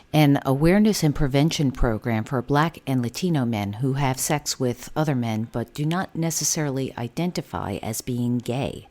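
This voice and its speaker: A woman hosting a podcast, reading scripted introductions in a measured way. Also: rumbling low, a little mellow. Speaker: podcast host.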